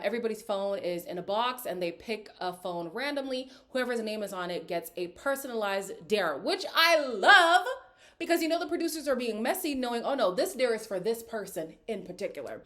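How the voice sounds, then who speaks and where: A woman giving casual, opinionated commentary as she recaps a reality dating show, talking straight to her viewers. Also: on the high side. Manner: opinionated, chatty, slips into quoted voices.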